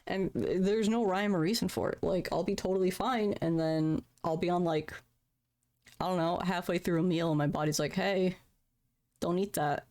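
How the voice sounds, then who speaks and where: A woman's voice: fairly low pitch, steady tone, fairly quick, a little mellow. A woman live-streaming in casual chat, candid and profane, laughing at her own troubles.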